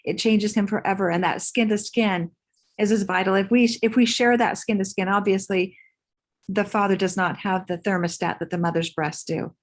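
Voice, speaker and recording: A woman's voice: medium pitch, fairly even intonation, moderate pace. A woman birth professional steadily explaining a topic on a video call.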